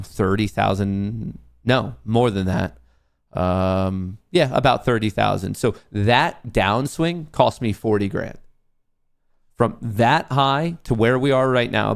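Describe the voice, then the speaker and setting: Man, young, gravelly voice, lowish pitch, profane angry rants, live trading stream host. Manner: profane, ranting at chat comments.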